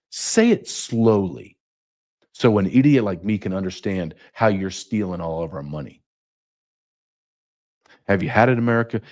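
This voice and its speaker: A man's voice: low voice, darkish tone. A middle-aged man hosting a podcast, delivering an angry, profane monologue full of rhetorical questions. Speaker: podcast host. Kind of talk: impassioned monologue.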